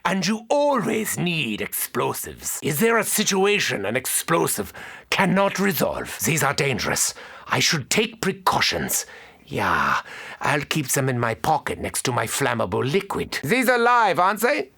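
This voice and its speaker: A gravelly, unhinged mad scientist doctor in a video game. His husky voice leaps wildly up and down, sharp and bright, swinging from sardonic mutters to manic outbursts. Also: fairly high pitch, huge pitch swings, measured pace, exaggerated voice.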